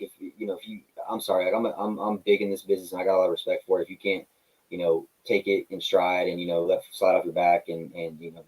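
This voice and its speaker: Texas guy, pro wrestler on an interview, deep husky voice, talks quick and acts out stories. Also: rough recording. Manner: animated storyteller, acts out dialogue, says "man" and "brother" a lot. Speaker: professional wrestler guest. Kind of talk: casual interview chat.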